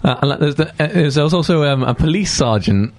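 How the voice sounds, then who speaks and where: A man's voice: fairly high pitch, animated, a little fast. A young man hosting a casual chat about weird news, talking with some hesitation and restarts. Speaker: host.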